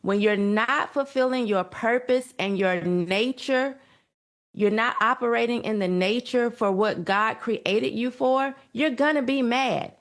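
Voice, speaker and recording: Woman, slightly high pitch, preachy, lecturing. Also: a little slow. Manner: lecturing, moralizing. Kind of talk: preachy commentary.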